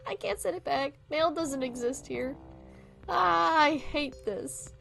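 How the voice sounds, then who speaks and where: A woman's voice: sits high, takes it slowly, creaky, a bit bright, soft background music, pitched above the performer's own voice, heavily acted, low-quality recording. A woman doing a grumpy, swearing swamp queen. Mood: whiny. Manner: whiny, swearing complaints. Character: small, indignant swamp queen, foul-mouthed and grumpy.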